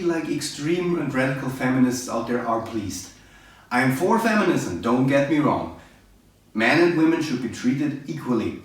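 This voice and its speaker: A man reviewing a film in a casual, sarcastic, exasperated rant. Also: mid-range voice. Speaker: movie reviewer. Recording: very echoey room, distant mic.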